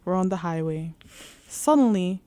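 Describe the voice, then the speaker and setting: A woman's voice: lowish voice, animated, normal speed, mellow, smooth, no echo. A woman co-hosting a radio show, telling a comic story with vivid, dramatic delivery.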